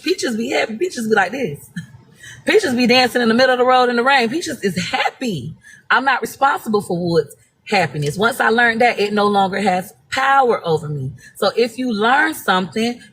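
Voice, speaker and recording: A Florida woman and social media personality tells stories in a blunt, profane, emphatic way during a casual live-stream monologue. Her voice sits a little high and sounds a bit bright, with slight background noise.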